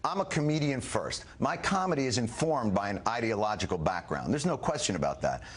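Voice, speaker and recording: A middle-aged comedian arguing emphatically in a heated television interview, firing back quick rebuttals. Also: male voice, on the low side, big pitch swings, breathy edge. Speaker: comedian and guest.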